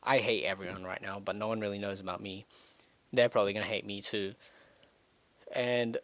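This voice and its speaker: A man's voice: on the low side, fairly even intonation, fairly quick, a bit bright, no echo. A teenage boy rambling through a frustrated personal rant, his voice rising in sudden outbursts. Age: teens. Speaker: vlogger. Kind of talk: emotional rant to camera.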